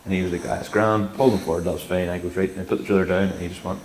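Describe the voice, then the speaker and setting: A man's voice: low-pitched, fairly even intonation, rapid-fire, darkish tone. A man co-hosting a podcast, telling a story in casual chat, swearing, laughing and acting out quotes. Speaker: podcast co-host. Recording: echoey room with faint noise.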